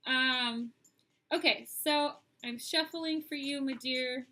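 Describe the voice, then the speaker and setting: Bright-voiced woman reading oracle cards. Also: high-pitched, slow, rough recording. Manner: chatty, speaks straight to viewers, frequent "um"s. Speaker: oracle card reader and stream host. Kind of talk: live-streamed psychic card reading.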